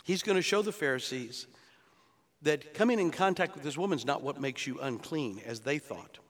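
A man's voice: a little high, expressive, moderate pace. A male pastor preaching an expository sermon, explaining scripture in an earnest teaching tone that builds to emphatic peaks. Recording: long reverb of a large hall.

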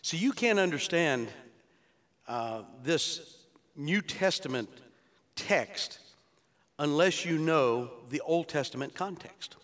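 A man's voice: fairly high pitch, fairly bright tone. A male pastor preaching an expository sermon, explaining scripture in an earnest teaching tone that builds to emphatic peaks. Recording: long reverb of a large hall.

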